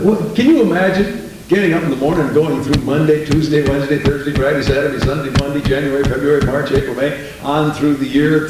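A man's voice: medium pitch, a little mellow, slight background noise. Male pastor, folksy preacher, heard from a distance in a very echoey church with faint room ambience. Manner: folksy, conversational preaching with rhetorical questions. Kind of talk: sermon. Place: church sanctuary.

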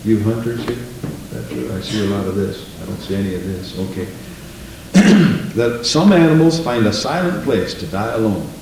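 A man's voice: lowish voice, animated, normal speed, creaky, a little mellow, slight background noise. Male pastor, folksy preacher, heard from a distance in a very echoey church with faint room ambience. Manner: folksy, conversational preaching with rhetorical questions. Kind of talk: sermon. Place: church sanctuary.

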